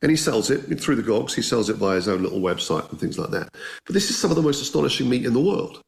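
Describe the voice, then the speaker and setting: A man's voice: medium pitch, big pitch swings, fast, creaky. A man telling anecdotes as an interview guest, enthusiastic and conversational, often restarting his sentences. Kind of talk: anecdotal storytelling.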